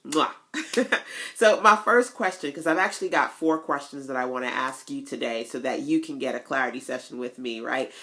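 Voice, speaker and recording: A woman coaching online business owners in a casual motivational vlog, telling stories with folksy asides and sudden jumps to a much higher voice. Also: normal speed. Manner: chatty, animated storytelling with big pitch jumps.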